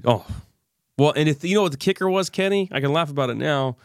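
A man as an interview guest, recounting a personal crisis in an animated way and acting out the dialogue he remembers. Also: on the high side, quick pace, clean tone, no echo, clean studio sound. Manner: animated retelling, acts out remembered dialogue, many fillers. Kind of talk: emotional personal storytelling.

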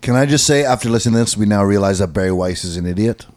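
A man's voice: fairly low pitch, very fast, a little mellow. A man in a casual podcast chat, stating his opinions bluntly. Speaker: podcast co-host.

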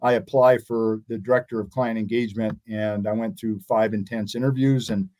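A sixty-something interview guest tells rambling stories in a casual setting, regularly breaking off to restart his sentences. His voice sits on the low side, steady and slightly mellow, at a moderate pace.

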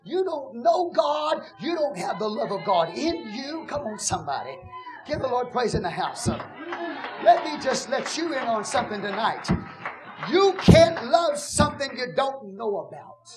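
A woman pastor preaches a fiery sermon with a high, wildly rising and falling voice. She shouts her lines with raw, breaking passion. Church music plays clearly beneath her. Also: big pitch swings, a little slow, crowd noise. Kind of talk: fiery Pentecostal-style preaching. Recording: music under the voice. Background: music playing.

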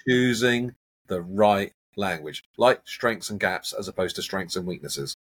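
A man, a hypnotherapist, talking in a casual interview and acting out everyday examples in an animated, coaching way. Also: deep voice, a little slow, husky. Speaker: hypnotherapist guest.

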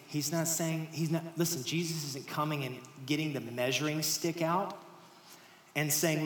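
A man preaching a sermon to a congregation, talking to them directly and dropping to hushed near-whispers before raising his voice for emphasis. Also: on the high side, moderate pace, a little hiss or hum. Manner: shifts between hushed near-whispers and raised emphatic lines; conversational, addresses the congregation directly. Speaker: pastor. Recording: roomy hall sound with faint ambience.

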